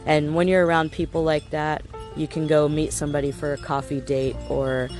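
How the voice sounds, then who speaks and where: Earnest man with a slightly high voice. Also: flat delivery, moderate pace, over music. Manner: earnest, with rhetorical questions. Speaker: self-help speaker. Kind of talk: casual motivational lesson.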